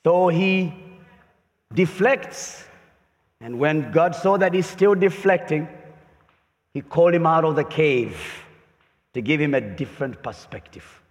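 Slow-preaching pastor in a reverberant hall. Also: male voice, fairly high pitch. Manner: lively preaching, voicing God's questions with rising emphasis. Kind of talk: sermon.

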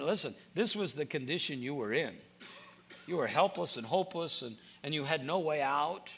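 A man's voice: fairly high pitch, expressive, moderate pace, vocal fry, a bit bright, slightly rough. A man preaching a sermon, earnest and direct, often repeating words as he starts a sentence. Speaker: pastor.

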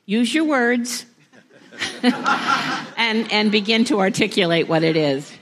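A woman's voice: mid-range voice, lively intonation, takes it slowly, a bit bright. A woman pastor preaching to a congregation, talking plainly and rising to emphatic exhortation. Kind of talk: sermon. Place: church hall before a congregation.

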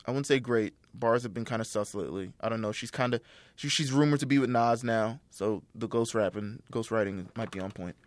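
A man's voice: medium pitch, fairly quick, dry recording. A man co-hosting a casual podcast chat, giving rambling, profane opinions with lots of fillers.

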